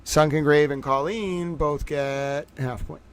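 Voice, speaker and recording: Excitable man hosting a livestream quiz. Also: fairly high pitch, unhurried, clean tone. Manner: excitable, praises viewers by name, swings between loud and quiet. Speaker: livestream host running trivia. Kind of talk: casual livestream chat.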